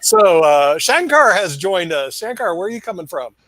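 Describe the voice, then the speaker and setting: A man's voice: high-pitched, very animated, moderate pace, bright, forceful tone, dry recording. A man hosting a live online show, chatting casually and joking, with laughs between his lines. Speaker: show host. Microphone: live stream video call.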